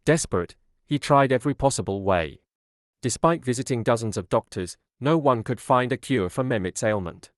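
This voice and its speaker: Calm male storybook narrator. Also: medium pitch, moderate pace, dry recording, studio quality.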